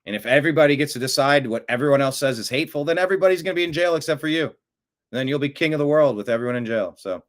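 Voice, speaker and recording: A man hosting a talk show, giving rambling, opinionated political commentary that swings from mutters to loud outbursts. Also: a little high, expressive, racing.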